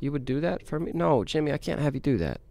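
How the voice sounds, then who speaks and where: A man's voice: fairly high pitch, lively intonation, fast talker, gravelly, mellow. A young man livestreaming a game, chatting casually, reading chat aloud and playing up dramatic moments for fun. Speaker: streamer and animator.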